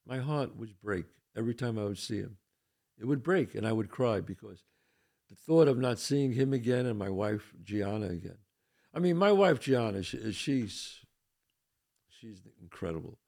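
An older man hosts a podcast, delivering a casual, earnest monologue in a mid-range voice that is creaky and a little mellow. He repeats his points with blunt emphasis and swears a little.

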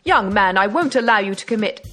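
A woman reading aloud as an excitable older male magistrate, given to indignant outbursts. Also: mid-range voice, a little fast, soft background music.

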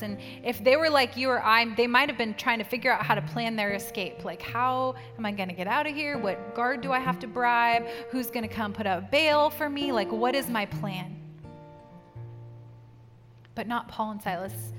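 A middle-aged woman preaching a sermon and telling a personal story in an earnest way, acting out voices as she quotes them. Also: fairly high pitch. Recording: long hall reverb with music behind. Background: soft guitar music.

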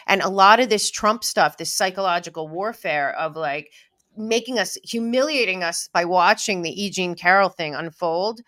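A woman podcast host in political chat, talking emphatically and rising to intense high peaks. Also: moderate pace, fairly bright tone, no room sound, studio quality.

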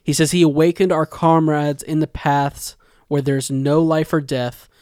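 A man's voice: on the high side, flat delivery, unhurried, a little mellow, clear, resonant tone, no echo, clean studio sound. A man co-hosting a casual podcast, walking through an anime episode scene by scene and reading out lines of dialogue. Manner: recounting scenes and quoting dialogue. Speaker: podcast co-host. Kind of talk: casual anime recap chat.

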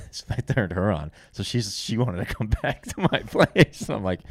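A young man with a low voice tells stories on a casual podcast, swinging his pitch all over as he acts out quotes. The sound is dry and close, and he swears freely. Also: expressive, normal speed, dry recording. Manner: loose storytelling, acts out quotes, swears a lot. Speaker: podcast co-host, comedian.

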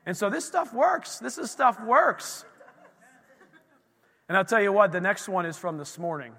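Man preaching, high voice, bright, lively storytelling, echoing hall. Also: unhurried, husky. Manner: animated, acts out quoted voices, folksy asides. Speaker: pastor. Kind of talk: energetic sermon storytelling. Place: church sanctuary. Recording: reverberant hall.

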